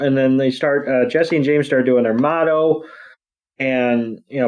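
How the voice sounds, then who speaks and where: A man's voice: medium pitch, unhurried, darkish tone, highs cut off. Blunt, wry podcast co-host, a man. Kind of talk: casual episode recap.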